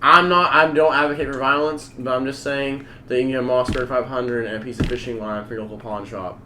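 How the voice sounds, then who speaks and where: A man hosting a podcast, telling a story in casual chat, profane, rambling and excitable. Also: medium pitch, fast, background noise. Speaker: podcast host.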